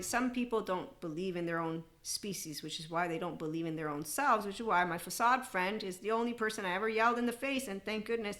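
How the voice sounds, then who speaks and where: A woman hosting a solo spiritual self-help podcast, talking in a rambling, excitable way that breaks into snatches of song and laughter. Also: medium pitch. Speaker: podcast host.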